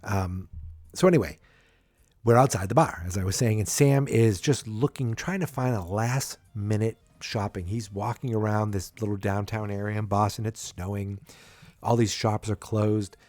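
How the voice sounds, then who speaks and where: Man, podcast host, low voice, dry sound, rambling casual recap, lots of restarts. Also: steady tone, normal speed, a little mellow, no room sound. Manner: rambling, frequent restarts and fillers.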